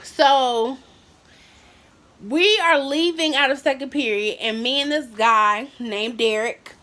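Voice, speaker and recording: A young woman vlogger telling a high school story in a casual, animated way, acting out what people said. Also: slow. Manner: animated, acts out quotes.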